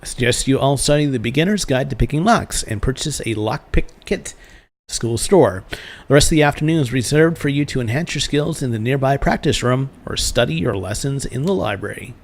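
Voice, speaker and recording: A man's voice: medium pitch, expressive, fairly quick. A man voicing a stern older male rogue-class master with a put-on German accent, formal and lecturing.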